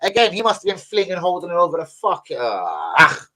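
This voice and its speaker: A young man, hosting a football fan channel and ranting in casual, heavily sworn, animated commentary. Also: high-pitched, moderate pace. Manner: sweary, animated, keeps saying "bruv" and "do you know what I mean".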